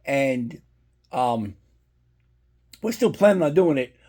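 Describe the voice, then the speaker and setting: A middle-aged man talking loosely to his viewers, swearing freely and wandering off into side stories. His voice is dark and mellow with a husky edge. He sounds relaxed and conversational, like a regular vlogger showing off his collection. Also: mid-range voice, takes it slowly. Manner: rambling, profane storytelling. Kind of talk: casual unboxing chat.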